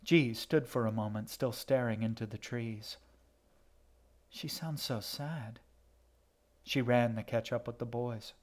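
A man narrates a fantasy story in a steady, measured reading voice. His pitch sits in the middle range, neither high nor low. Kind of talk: audiobook narration.

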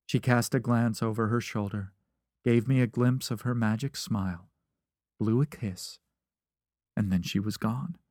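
A man's voice: fairly low pitch, steady tone, measured pace, pauses often, a little mellow, no room sound. A man reading a first-person story aloud, with a dry, wry narrating manner.

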